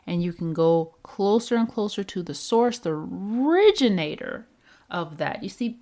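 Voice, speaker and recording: A woman giving a reflective motivational talk as a self-help speaker, in a calm coaching tone that poses many questions to the listener. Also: medium pitch.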